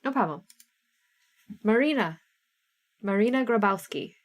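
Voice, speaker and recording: A woman's voice: mid-range voice, lively intonation, unhurried. A woman in her thirties with a Midwestern American accent, hosting a live craft sale stream in a casual, bubbly way and reading out viewers' names.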